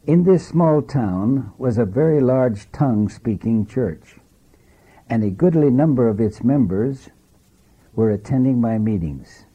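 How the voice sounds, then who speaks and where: A male preacher delivers a sermon slowly and deliberately, his voice very dark and husky. He tells his story in an earnest, measured manner with dramatic turns. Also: mid-range voice, muffled recording.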